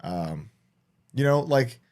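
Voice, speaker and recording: A man co-hosting a podcast in casual chat, telling stories with lots of swearing and quick restarts. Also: mid-range voice. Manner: animated storytelling, heavy swearing, frequent restarts. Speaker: podcast co-host.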